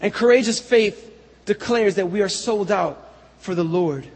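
A man's voice: high voice, measured pace, darkish tone, breathy edge. A man preaching a sermon as pastor, earnest and building to fervent appeals to the congregation. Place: church sanctuary. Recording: echoey hall with long reverb.

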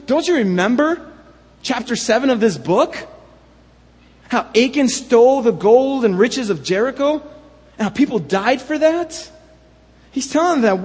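A man's voice: high-pitched, big pitch swings, moderate pace, pauses often, darkish tone, husky, big-room sound. A man preaching a sermon, reading scripture aloud and then retelling it with passionate paraphrase.

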